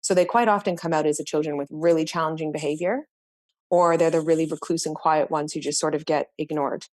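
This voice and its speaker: Woman, educator, low voice, dry close sound, earnest storytelling, restarts often. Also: steady tone, fairly quick, darkish tone, dry recording. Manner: earnest, with frequent restarts and repeated words. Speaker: educator and podcast guest. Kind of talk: reflective storytelling in conversation.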